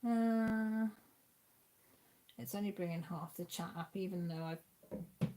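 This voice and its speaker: Reading her live chat at home, a woman running a craft stream chats away and exclaims at what viewers write. Her mid-range voice is warm, and she takes things slowly, pausing often.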